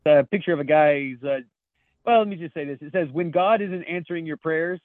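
A man's voice: on the high side, brisk, no room sound. A man co-hosting a podcast in casual chat, laid-back and swearing, laughing as he reads out memes. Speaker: podcast co-host. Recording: dry, phone-like narrow sound.

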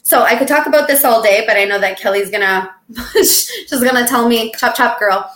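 A woman co-hosting a podcast in casual chat, talking in a chatty, expressive and jokey way and acting out dramatic lines. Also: fairly high pitch, brisk, reverberant. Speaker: podcast co-host. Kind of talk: casual chat about weight loss.

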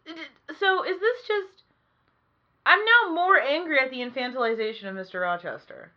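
A woman's voice: high-pitched, normal speed, muffled recording. A woman co-hosting a podcast in casual chat, wry and indignant. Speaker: podcast co-host.

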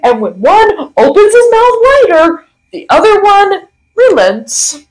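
Giggly high-voiced woman podcast host. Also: very animated, measured pace, darkish tone, low-quality recording. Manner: playful, giggly, sarcastic. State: has the hiccups. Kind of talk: casual comedic chat.

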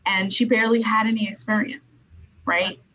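A woman's voice: mid-range voice, flat delivery, moderate pace, fairly bright tone, dull audio. A woman from Brooklyn, New York, hosting a casual interview, talking in a chatty way with lots of "you know" and repeated words.

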